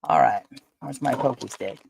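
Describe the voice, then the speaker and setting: A woman's voice: rumbling low, lively intonation, moderate pace, creaky, noisy background. An older woman chatting casually on her vlog at home, rambling with lots of fillers. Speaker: vlogger. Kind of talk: casual chat.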